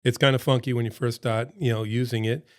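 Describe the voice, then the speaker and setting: A man's voice: mid-range voice, steady tone, quick pace. A middle-aged man presenting a seminar in a casual, pep-talk way, repeating his points for emphasis, his throat a bit froggy.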